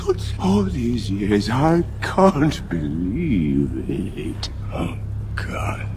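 An actor playing a disheveled, bitter Frenchman with a French accent, ranting in shouted outbursts. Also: lowish voice, sing-song, drawn-out words, exaggerated voice. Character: disheveled bitter aging Frenchman, fallen from elegance. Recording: film clip over loud music.

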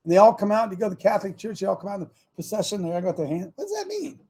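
Husky, high-voiced talk show host. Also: male voice, rapid-fire. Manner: rambling, excitable, repeats phrases, swings between loud and hushed. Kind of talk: fiery talk show monologue.

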